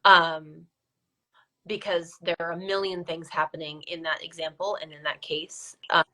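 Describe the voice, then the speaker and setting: Bright-voiced woman, emphatic co-host. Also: sits low, flat delivery, a little slow. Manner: emphatic, repeats words for stress. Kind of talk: casual discussion on a live stream.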